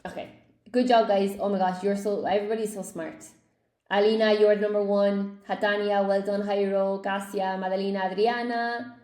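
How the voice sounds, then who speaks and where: A woman's voice: mid-range voice, steady tone, normal speed, darkish tone, echoey room. A woman teaching a live online English class, cheerfully praising students by name as she goes through quiz answers.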